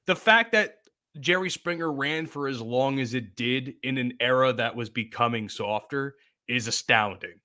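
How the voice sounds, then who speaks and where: A young man with a bright, sharp-edged voice at a mid pitch. He is an excitable, emphatic podcast co-host who laughs easily. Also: normal speed. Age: young adult. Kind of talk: casual chat.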